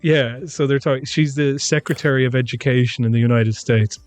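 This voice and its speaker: A man's voice: medium pitch, fairly even intonation, fairly quick, darkish tone, no room sound, faint music behind. Chatty Irish man recounting with mimicry. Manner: chatty, retells events with quoted mimicry. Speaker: podcast co-host. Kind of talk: casual chat.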